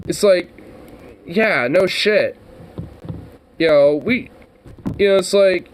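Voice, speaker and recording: A man's voice: high-pitched, drawn-out words, long pauses, a little hiss or hum. A man streaming a profane, mocking reaction to a news clip, exasperated and swearing heavily.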